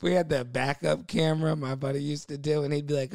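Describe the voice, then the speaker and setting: Gravelly-voiced man telling a wild story. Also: fairly high pitch, brisk. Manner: animated storyteller, laughs often, acts out voices. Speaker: podcast guest. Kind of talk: casual storytelling.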